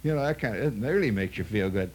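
A man's voice: on the low side, expressive, fast talker, darkish tone, slightly rough. A man telling a long, rambling anecdote in a chatty way, full of asides. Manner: chatty, full of "see" and "you know" asides. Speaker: storyteller.

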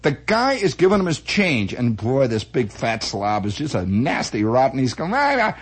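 A man telling comic stories in a rambling, animated way, full of restarts and acted-out voices. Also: mid-range voice, moderate pace, breathy edge. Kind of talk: comic storytelling monologue.

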